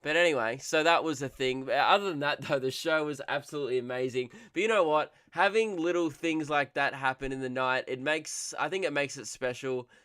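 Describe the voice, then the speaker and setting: A man's voice: fairly high pitch, brisk, hardly any pauses, sharp tone, clean tone, dry recording. A man hosting a comedy podcast, telling a story casually, rambling with restarts and fillers and swearing freely.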